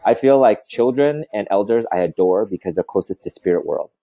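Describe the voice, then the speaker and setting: A man in his thirties hosting a podcast interview, playful and quick to laugh. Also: on the low side, expressive, dark tone. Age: 30s. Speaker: podcast host. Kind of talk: casual interview.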